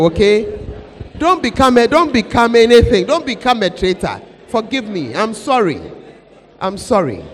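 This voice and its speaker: A man preaching a sermon as pastor, pleading and urging the congregation to repeat phrases to their neighbors. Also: high voice. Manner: pleading, call-and-response with congregation. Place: church hall. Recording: echoey hall with mains hum.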